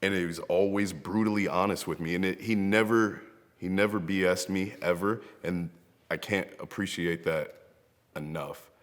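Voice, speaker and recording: A man's voice: low voice, fairly even intonation, normal speed, big-room sound. A young man and wrestler, grieving, telling heartfelt rambling stories in a tribute to a late friend, seated before a camera. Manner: heartfelt, rambling storytelling with frequent laughs. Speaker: professional wrestler. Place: seated in front of a camera, indoors. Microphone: camera mic.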